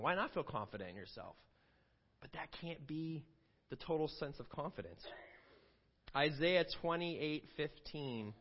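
A man preaching a sermon in a conversational way, with fillers and asides to the congregation. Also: a little high. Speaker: pastor. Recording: dull lo-fi sound.

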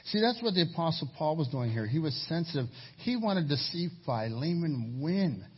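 Husky-voiced pastor preaching a sermon. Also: male voice, on the high side, moderate pace. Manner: storytelling, animated with sudden raised emphasis. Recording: dull lo-fi sermon recording.

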